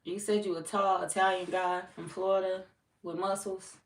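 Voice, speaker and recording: A young woman hosting a tarot livestream, reading viewer comments aloud and chatting in a relaxed, teasing way with lots of slang and laughter. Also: mid-range voice, normal speed, recorded from a distance. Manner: laid-back, teasing, laughs often, slangy. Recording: roomy echo, off-mic, faint noise.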